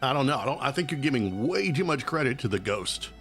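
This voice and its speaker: A man's voice: mid-range voice, expressive, quick pace, a bit bright, soft background music. A man chatting casually as a streamer while he plays a game, rambling and joking along. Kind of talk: casual gameplay commentary.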